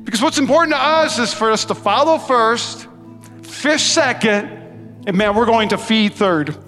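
A man preaching in a very high, bright and forceful voice, swinging between excited peaks and quieter lows as he acts out the story. His sermon rings through a large church hall with a long reverb, and faint music plays underneath. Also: measured pace. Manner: animated, acts out quotes in character voices. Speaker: pastor.

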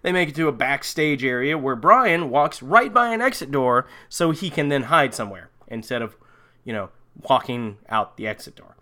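A man's voice: mid-range voice, animated, moderate pace, pushed and bright. A man hosting a comedy podcast, sarcastically recapping a bad horror movie with plenty of profanity. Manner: sarcastic, profane, mocking voices of characters. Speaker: podcast host.

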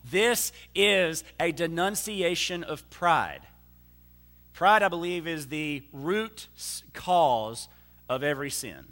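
A man preaching a sermon as a pastor, teaching slowly with frequent fillers and restarts, and speeding up when he reads scripture aloud. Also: on the high side, fairly bright tone. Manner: reads scripture quickly, then slows to explain.

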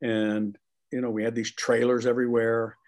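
A man being interviewed, telling animated, profane stories about his acting work with plenty of laughter. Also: mid-range voice, moderate pace. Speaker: actor guest. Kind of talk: casual anecdotal storytelling.

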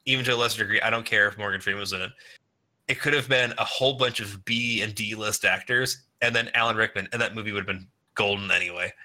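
A man chatting casually, animated and ranting, laughing often. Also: on the low side, fast talker. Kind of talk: casual chat.

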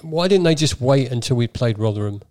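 A man in casual football podcast chat, speaking in a measured way with many "you know" fillers. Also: medium pitch, animated, darkish tone.

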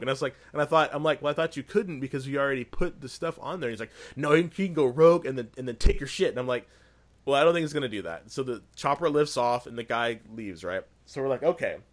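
A man casually retelling a video game session on a podcast, rambling and excitable, with frequent restarts. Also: medium pitch.

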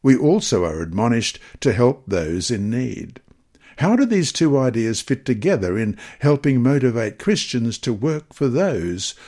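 A man reads scripture and a devotional story aloud at a middle pitch. His delivery is measured but expressive, swinging up and down a lot. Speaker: devotional reader.

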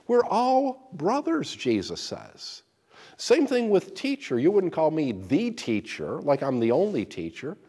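Male pastor preaching with lively intonation. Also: on the high side, unhurried, slightly rough, big-room sound. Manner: emphatic, repeats words as he restarts. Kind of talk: sermon.

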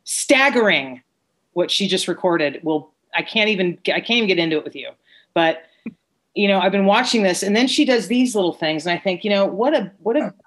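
A woman's voice: medium pitch, a little fast. A woman guest on an interview, speaking earnestly and rambling a little as she talks about her friend. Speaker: guest, business partner. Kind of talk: casual interview chat.

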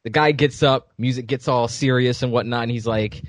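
A man's voice: medium pitch, fairly even intonation, moderate pace, few pauses, no room sound. A man on a podcast in casual chat, animatedly retelling a game scene and acting out the characters' lines. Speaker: podcast co-host.

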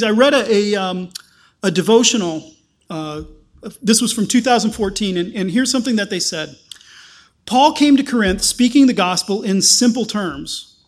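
A man preaching a sermon in a conversational way, asking rhetorical questions and reading passages aloud. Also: sits high. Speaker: pastor.

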